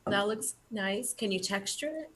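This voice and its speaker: A woman's voice: mid-range voice, measured pace, a bit bright, breathy edge. A woman chatting casually on a call, asking questions while eating. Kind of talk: casual chat.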